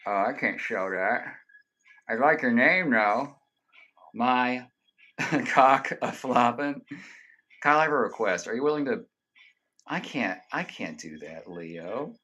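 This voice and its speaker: A man's voice: mid-range voice, animated, slow, long pauses, bright, forceful tone. Joking, profane male livestreamer. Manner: joking, profane banter with viewers; reads viewer comments aloud. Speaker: live streamer. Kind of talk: casual livestream chat.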